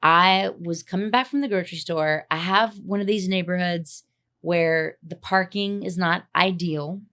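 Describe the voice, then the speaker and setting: A woman's voice: fairly low pitch, unhurried, fairly bright tone. A young woman co-hosting a podcast, telling a story in casual chat and acting out the other people's voices, laughing often. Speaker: podcast co-host.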